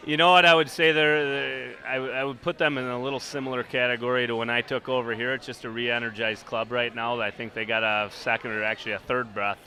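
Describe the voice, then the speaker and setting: A man's voice: medium pitch, flat delivery, fast, few pauses, bright, forceful tone. A man who coaches a hockey team, talking casually as a guest in a sports bar and repeating phrases as he thinks.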